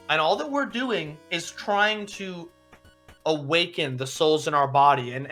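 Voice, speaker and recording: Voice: medium pitch, sharp tone. A streamer voicing a strict male combat teacher who lectures with rhetorical questions and dry humor in a tabletop role-play. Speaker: game master.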